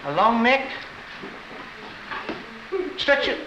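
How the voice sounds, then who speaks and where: A man's voice: very high-pitched, sing-song, very slow. A man reading a story aloud to children in a playful, teasing way, full of sound effects. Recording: lo-fi echoey room with loud noise.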